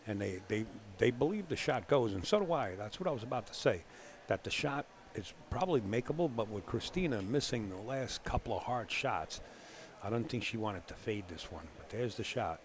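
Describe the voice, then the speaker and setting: A man's voice: lowish voice, expressive, normal speed, a little hiss or hum. A man with a Bronx New York accent doing live play-by-play commentary on a billiards match, mixing his calls with joking, teasing banter. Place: alone in a small commentary room.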